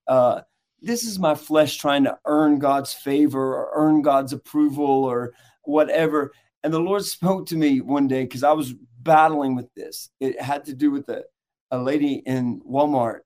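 A man's voice: medium pitch, darkish tone. A man, a guest minister and author, giving earnest, preacher-like answers in an interview.

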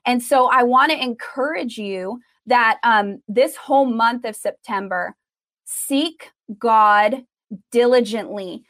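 A woman's voice: a little high, takes it slowly, fairly bright tone. A woman guest on a faith interview, speaking in an earnest, affirming, preacherly way. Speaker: ministry guest.

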